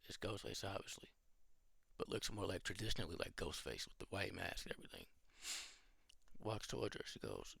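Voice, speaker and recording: A man casually rambling through his own film pitch as a channel host, thinking aloud as he goes. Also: big pitch swings, brisk, creaky, long pauses, a bit bright, husky, no echo.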